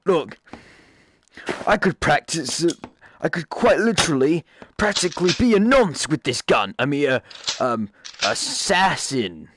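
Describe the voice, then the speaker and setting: A man's voice: a little high, very animated, a little slow, noisy background. A man giving casual gameplay commentary, rambling and joking, often cutting himself off to correct what he just said. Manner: rambling, jokey, self-correcting asides. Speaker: gaming YouTuber.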